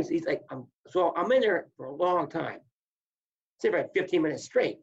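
Telling stories casually, a former wrestler acts out what people said with animated energy. His voice is fairly high and slightly rough, moving at a moderate pace, and the sound is lo-fi.

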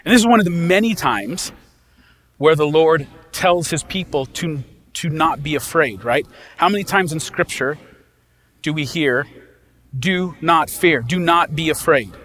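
A man's voice: a little high, expressive, moderate pace, a bit bright. A man preaching a sermon as a pastor, talking in a conversational way and often checking in with his listeners.

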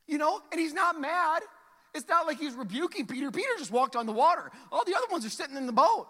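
A male pastor preaching a sermon, swinging from loud, drawn-out calls to hushed, near-whispered asides. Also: very high-pitched, animated, long reverb tail.

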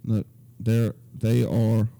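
Slow mellow dude laughing thru a goofy podcast. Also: male voice, lowish voice, level tone, creaky. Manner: laughing, jokey, slow drawl. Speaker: podcast co-host. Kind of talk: casual comedic chat.

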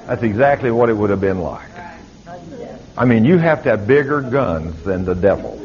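A man's voice: on the low side, lively intonation, normal speed, darkish tone. An older man preaching a fervent sermon, his voice climbing as he exhorts. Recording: slightly dull lo-fi recording.

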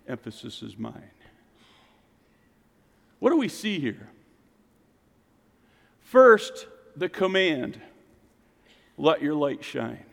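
A man preaching a sermon as pastor, swinging from loud exclamations to quiet, intense passages. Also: on the high side, very animated, drawn-out words, gravelly, pauses often. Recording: long reverb of a church hall.

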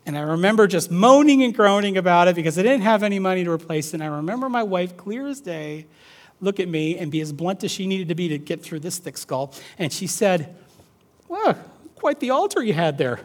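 A pastor, a man with a fairly high voice, preaches his sermon. He swings between loud, emphatic urging and quiet, hushed asides. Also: fairly quick.

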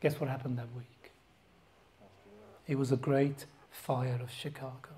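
A man preaching a sermon as a pastor, impassioned and swinging from loud outbursts to hushed whispers. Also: medium pitch, little pitch movement, measured pace, poor audio.

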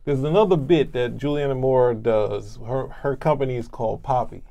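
A man's voice: mid-range voice, normal speed, gravelly, mellow, muffled recording. A man on a podcast, joking and teasing his co-hosts in casual film talk. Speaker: podcast co-host. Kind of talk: casual film review chat.

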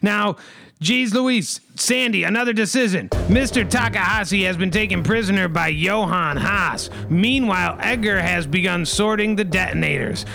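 A man's voice: high voice, moderate pace, creaky, music in the background. A man running an improvised comedy game as game master, announcing decisions in a theatrical way with a rhyming catchphrase.

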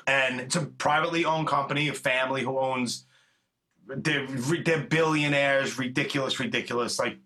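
New guy hosting a podcast, middle-aged, bright edgy voice, swears a lot, rambles. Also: mid-range voice, fairly even intonation, moderate pace. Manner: rambling, profane, chummy. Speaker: podcast host. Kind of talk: casual interview chat.

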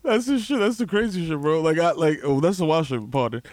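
A man's voice: on the high side, lively intonation, a little fast, a little mellow, no room sound, studio quality. A man co-hosting a casual comedic chat, talking in loose, laughing banter. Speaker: podcast co-host.

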